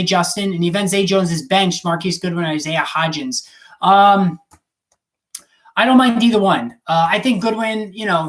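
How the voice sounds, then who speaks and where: A man runs a live fantasy football stream, fielding chat questions bluntly and casually with occasional swearing. His voice is on the high side and fairly bright.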